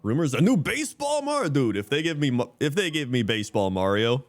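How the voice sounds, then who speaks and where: A man's voice: mid-range voice, big pitch swings, brisk, faint music behind. A man streaming live in casual chat, reading out usernames and laughing often.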